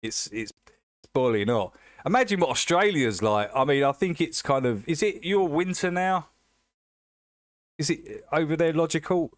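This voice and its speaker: A man's voice: on the high side, expressive, normal speed, no echo, clean studio sound. A man hosting a casual livestream chat, laughing often and repeating himself as he jokes. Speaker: livestream host.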